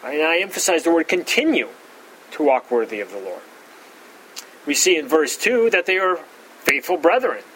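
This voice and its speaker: A man with a fairly high voice leads a verse-by-verse Bible study. He hammers key words with sudden jumps in pitch and often backs up to restart a phrase. A faint hum of room noise sits under his voice. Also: big pitch swings, moderate pace, long pauses, a bit bright, low-quality recording. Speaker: Bible teacher.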